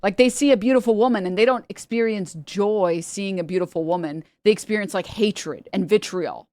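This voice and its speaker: A woman's voice: medium pitch, brisk, a little mellow, no echo. Rambling, profane woman streamer. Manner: rambling, profane, laughs often, mocking. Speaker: livestreamer. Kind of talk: casual stream chat.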